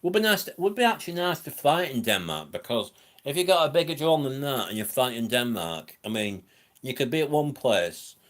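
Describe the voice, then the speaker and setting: A man with a northern Lancashire accent rambles through a casual live stream chat from home. His pitch sits right in the ordinary middle, and he drifts between thoughts with frequent ums, answering viewers' comments as they come in. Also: very animated, fairly quick. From England.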